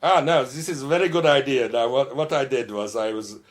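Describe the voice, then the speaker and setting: A man's voice: medium pitch, a little fast, voice pushed up, natural voice. A man voicing a jolly, boastful German party bandleader with a put-on German accent, mock-pompous and teasing.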